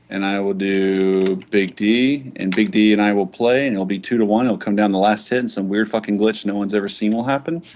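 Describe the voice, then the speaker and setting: A man chats loosely about fighting game tournaments in a rambling, profane way. His voice is on the low side. The recording is dull and lo-fi. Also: darkish tone, a little hiss or hum. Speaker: podcast host. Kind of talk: casual gaming podcast chat.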